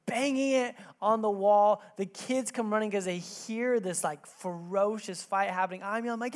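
A man in his thirties preaching a sermon in a church, telling a personal story with lively acted-out quotes before reading scripture. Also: high voice, moderate pace, few pauses. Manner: animated storytelling, acts out quotes with raised voice. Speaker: pastor.

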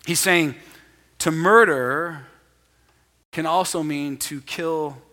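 Male pastor, high and bright voice, conversational sermon, acts out quotes, long church reverb. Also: slow pace. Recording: long reverb of a large hall.

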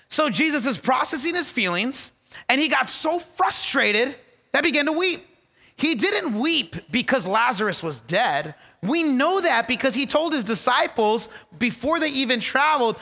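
Man pastor preaching, very high voice, animated, repeats lines, echoey hall. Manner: animated, repeats lines for stress, laughs at own jokes. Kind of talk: sermon.

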